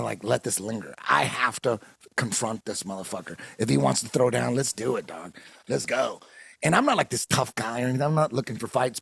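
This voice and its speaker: This podcast host rambles through a long, profane story in casual storytelling mode, laughing often. His mid-range voice has vocal fry and a fairly bright, slightly rough tone. There's no echo.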